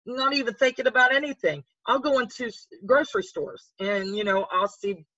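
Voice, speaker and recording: A woman's voice: on the high side, fairly quick, bright, forceful tone, dry recording, highs cut off. An older woman telling stories in a chatty, rambling way with many restarts, her voice lifting when she quotes others. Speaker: guest. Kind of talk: casual storytelling.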